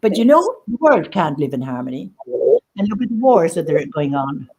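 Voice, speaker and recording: A woman recounting personal experience as an interview guest, halting and emotional, often repeating her phrases. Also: sits low, sing-song, a little mellow, husky. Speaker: guest sharing lived experience. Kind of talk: personal testimony in conversation.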